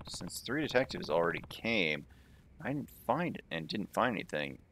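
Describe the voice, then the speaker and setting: A man's voice: lowish voice, very animated, moderate pace, fairly bright tone, slight background noise. A man voicing a curious young male detective in a fan game dub, asking probing questions. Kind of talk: fan voice-over of a game scene.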